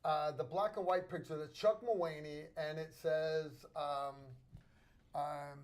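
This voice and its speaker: A man's voice: on the high side, steady tone, slow pace, a little mellow. An American man hosting a livestream, telling a rambling story with frequent restarts and fillers. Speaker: host.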